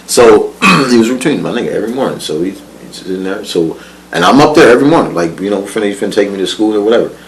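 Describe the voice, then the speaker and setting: Fast-talking, with a fairly low voice and lively intonation, a man tells his life story using profane slang in a casual way. He laughs a lot, repeats himself, and keeps checking whether you follow with "you know what I'm saying." The recording is rough.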